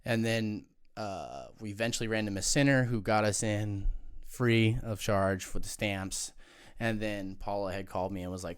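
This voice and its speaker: A young man co-hosting a podcast, telling an animated, swearing story and acting out the people in it. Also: on the low side, normal speed, clean tone. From Aloha, Oregon. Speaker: podcast co-host. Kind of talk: casual chat.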